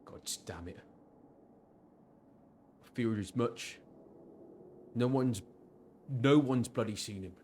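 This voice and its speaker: A man voicing a gruff male mercenary officer with a Geordie accent, reading game dialogue aloud in a blunt, folksy way. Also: mid-range voice, takes it slowly, long pauses, darkish tone, a little hiss or hum, close to an everyday voice. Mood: grim.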